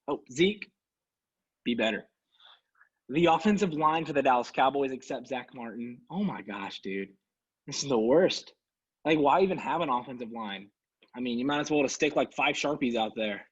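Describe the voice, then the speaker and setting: A man's voice: mid-range voice, lively intonation, moderate pace, breathy edge. A man co-hosting a sports podcast, ranting in casual talk, sarcastic and exasperated. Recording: dull lo-fi sound.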